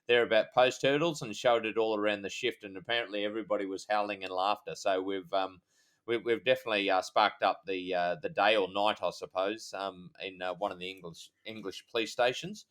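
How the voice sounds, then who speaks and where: Aussie cop on a podcast, lowish voice, halting, lots of uhs and ums. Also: male voice, fairly bright tone, clear, resonant tone. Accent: Australian. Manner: halting, filler-heavy storytelling. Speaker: police officer and podcast co-host. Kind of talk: casual chat.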